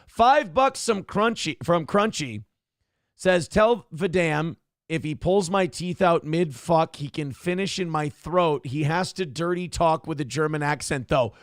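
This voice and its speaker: Exasperated man reading donations, fairly high. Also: measured pace, no room sound, studio quality. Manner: exasperated, laughing, swears freely. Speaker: radio show host reading viewer donations. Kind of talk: casual live-stream talk.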